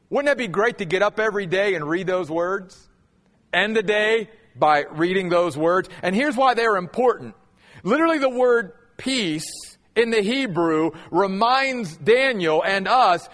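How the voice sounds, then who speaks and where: A man preaching a sermon as pastor, earnest, slowing down to stress key words. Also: high voice, expressive, fairly bright tone, big-room sound.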